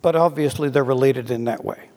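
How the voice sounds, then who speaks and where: A man preaching a sermon in an earnest way, slowing down to read scripture aloud. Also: mid-range voice, a little mellow, in a large hall.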